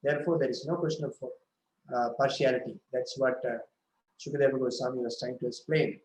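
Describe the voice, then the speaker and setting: A man giving a devotional scripture talk, retelling a story slowly with frequent self-corrections. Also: medium pitch, fairly even intonation, darkish tone, echoey room, slight background noise, poor audio. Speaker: scripture speaker.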